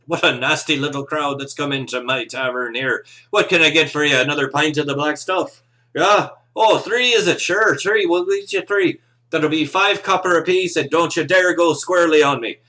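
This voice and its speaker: A man voicing a jolly Irish tavern keeper in a loud, teasing, sing-song manner. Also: on the high side, moderate pace, pitched above the performer's own voice. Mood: jovial teasing. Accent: Irish, put on.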